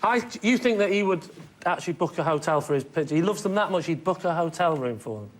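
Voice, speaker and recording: A man's voice: on the high side, lively intonation, quick pace. A man from England, a panel show team captain, bantering in a wry, self-mocking way. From northern England. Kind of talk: joking banter. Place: TV studio. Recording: loud studio background noise.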